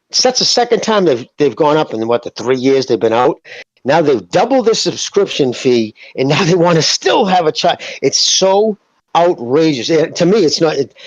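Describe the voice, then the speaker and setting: A man's voice: on the high side, very animated, moderate pace, no echo, dull audio. A man co-hosting a podcast in casual chat, ranting heatedly with plenty of swearing. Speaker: podcast co-host.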